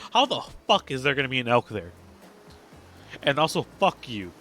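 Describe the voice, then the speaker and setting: A man's voice: medium pitch, sing-song, moderate pace, bright, forceful tone, soft background music. A man streaming a game, reading it aloud and reacting with crude, swear-heavy mock outrage.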